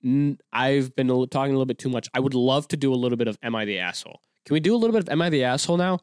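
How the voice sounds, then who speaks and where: A man's voice: medium pitch, animated, very fast, smooth, no echo. Rambling young man, dry close sound. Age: 20s. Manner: rambling, self-correcting, many fillers and restarts. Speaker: podcast host. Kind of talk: casual solo podcast monologue.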